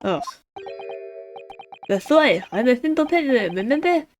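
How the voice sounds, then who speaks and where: A woman's voice: high voice, big pitch swings, a little slow. A woman voicing a brash, defensive male street peddler from London. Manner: blustering, defensive. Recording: game music playing behind.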